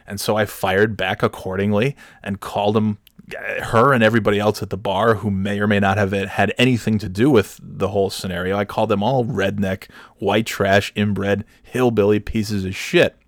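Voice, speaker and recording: A man casually telling a personal story, animated, swearing freely and acting out the people in it. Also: lowish voice, normal speed, no room sound, clean studio sound. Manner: animated, swears freely, acts out voices, laughs mid-story. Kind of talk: casual anecdote.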